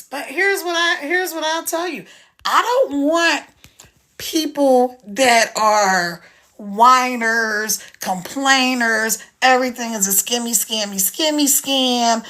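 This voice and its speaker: An American woman talking casually to viewers on a live stream, chatty and persuasive as she pitches her online business program into a phone. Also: slow pace, bright, forceful tone. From United States.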